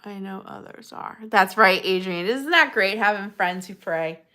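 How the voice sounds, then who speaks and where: A woman's voice: mid-range voice, normal speed, pushed and bright. A woman hosting a casual live stream, chatting and gushing as she answers viewers by name. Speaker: livestream host.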